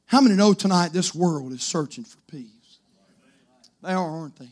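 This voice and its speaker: High-voiced preacher shouting then hushing. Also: male voice, normal speed. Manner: swings from shouted exclamations to a hushed near-whisper. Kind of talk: sermon. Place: church.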